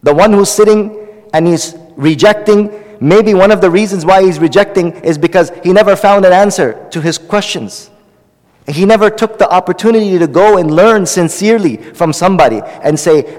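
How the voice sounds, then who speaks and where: A man's voice: high-pitched, normal speed, a little mellow, big-room sound. A man teaching hadith, delivering an impassioned sermon with pleading, repetitive emphasis. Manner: passionate, pleading, rising and falling emphasis, repeats phrases.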